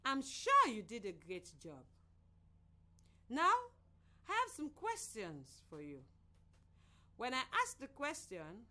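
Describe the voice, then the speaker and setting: Slow, lively woman radio teacher. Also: sits high. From Sierra Leone. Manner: slow, clear, sing-song teaching voice. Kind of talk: scripted radio lesson for children.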